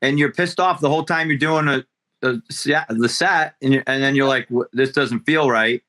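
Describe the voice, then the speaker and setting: A man's voice: fairly high pitch, a little fast, a bit bright. A man in casual chat who agrees and tells a story of his own.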